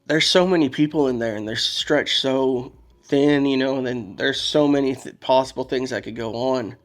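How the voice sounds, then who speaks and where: A man's voice: mid-range voice, normal speed. Candid man telling a personal story. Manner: candid, emotional, rambling with restarts. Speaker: podcast guest. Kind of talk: casual storytelling.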